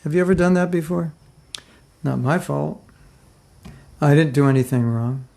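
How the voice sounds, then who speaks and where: A middle-aged man leads an informal, humorous spiritual class, joking conversationally with his listeners and mimicking their reactions. His voice is a little high, gravelly and warm, and he keeps a moderate pace.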